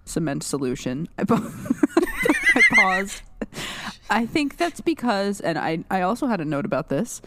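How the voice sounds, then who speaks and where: A woman's voice: mid-range voice, very animated, a little slow, pushed and bright, a little hiss or hum. A woman co-hosting a podcast in casual chat, chatty and giggly with lots of filler words. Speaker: podcast co-host.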